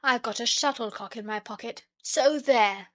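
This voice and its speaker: A woman voicing an excitable, tearful little girl in a storybook reading. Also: moderate pace, natural voice. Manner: high, emphatic, tearful.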